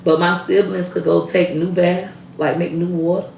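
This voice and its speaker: A woman in her thirties holds forth in a blunt, heated, profane rant with a low, gravelly edge to her voice. She sits a little back from the mic in an echoey room. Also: flat delivery, moderate pace, darkish tone, distant mic, slight background noise. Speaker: vlogger. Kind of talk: casual rant to camera.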